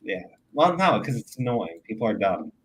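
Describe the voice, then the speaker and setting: A young man chatting casually on his stream, telling stories with lots of swearing and growing excitement. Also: fairly low pitch, moderate pace, a little hiss or hum. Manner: profane, excitable, animated storytelling. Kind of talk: casual chat.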